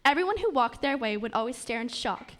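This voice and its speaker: A woman's voice: fairly high pitch, animated, brisk, fairly bright tone. A woman narrating a comic fairy tale aloud, with small stumbles and restarts as she reads. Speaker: story narrator. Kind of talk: reading a comic story aloud.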